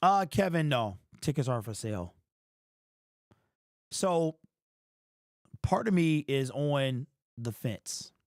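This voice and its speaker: A man hosting a sports fan livestream, tired and emotional, his frustrated talk rising into shouted rants. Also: mid-range voice, expressive, slow pace, pauses often, no echo, clean studio sound.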